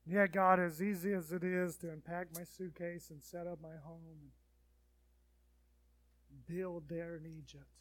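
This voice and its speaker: A pastor delivers his sermon in a slightly high voice, rising to loud urgent appeals and then dropping to soft, hushed pleading. The sound is dry and close, with no room echo. He ends by leading the congregation in prayer. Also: level tone, measured pace.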